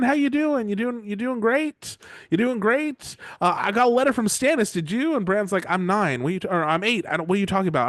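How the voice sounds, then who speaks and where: Guy hosting a podcast, kinda high voice, sarcastic, jumps into silly voices. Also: no room sound, studio quality. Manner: animated, sarcastic, acts out characters in quick voices. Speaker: podcast host. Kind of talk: casual podcast recap.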